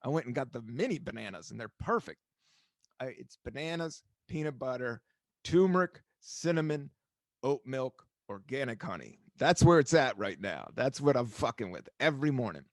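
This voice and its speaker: An American podcast host in his forties rambles through stories in casual chat, swearing freely and acting out what people said. His mid-range voice is animated and at normal speed, recorded cleanly in a studio with no echo.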